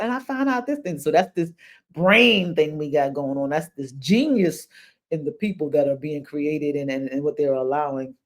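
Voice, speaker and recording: This is the New York-accented older woman hosting her podcast again, her deep voice a little mellow. She chats freely without a script, circling back to phrases and breaking out in exclamations.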